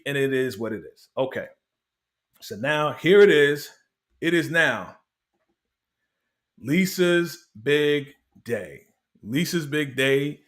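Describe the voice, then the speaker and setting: A man's voice: fairly high pitch, a bit bright. A man hosting a casual show recap, telling it like a story in slangy talk and laughing often. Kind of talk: casual review chat.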